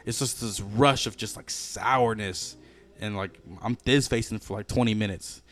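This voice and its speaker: A man's voice: lowish voice, fairly even intonation, normal speed, a bit bright, faint music behind. A young man telling a rambling, profane story in casual podcast chat, full of fillers and restarts. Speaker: podcast co-host.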